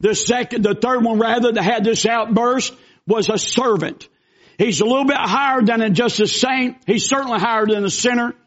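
High-voiced preacher, lo-fi sermon recording. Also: male voice, normal speed, a bit bright. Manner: earnest, storytelling preacher who bursts into emphatic cries. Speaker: pastor.

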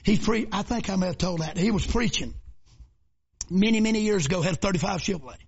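An older man preaching a shouted revival sermon, calling out questions to the congregation. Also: high-pitched, quick pace, breathy edge, muffled recording. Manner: preaches in shouted bursts with rhetorical calls to the crowd. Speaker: pastor.

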